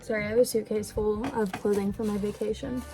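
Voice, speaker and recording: A woman's voice: medium pitch, little pitch movement, quick pace, over music, low-quality recording. A young woman vlogging at home, unboxing gifts in a gushing, chatty way with lots of fillers and little apologies. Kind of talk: casual vlog unboxing. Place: indoors at home.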